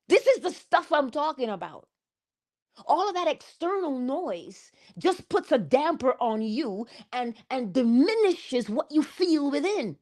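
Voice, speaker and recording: A woman delivers a morning pep talk in a high voice that swoops up and down. She talks like a preacher, tossing out calls to her listeners and laughing often. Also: sing-song, measured pace, a little mellow. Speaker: motivational speaker.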